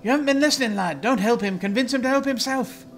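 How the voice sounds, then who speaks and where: A gruff, sour old midwife woman from a video game speaks in stern, old-fashioned riddles, as a man puts her on. Her tone is scolding and cryptic. Faint game music plays underneath. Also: fairly high pitch, quick pace, lightly acted. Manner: stern, scolding, archaic phrasing.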